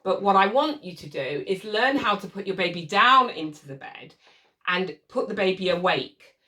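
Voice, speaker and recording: Woman, baby sleep coach, calm and patient, mid pitch, voice recorded from across a room. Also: normal speed. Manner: calm, patient, reassuring, demonstrates shushing. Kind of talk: instructional demonstration. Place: room with a changing mat set up as a crib. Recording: voice from a distance from the mic.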